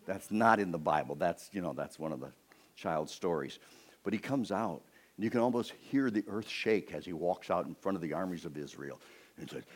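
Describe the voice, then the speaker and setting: A man preaching a sermon, telling a story with lively energy and talking straight to the congregation. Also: on the low side, moderate pace, breathy edge. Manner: animated storytelling, addresses the congregation.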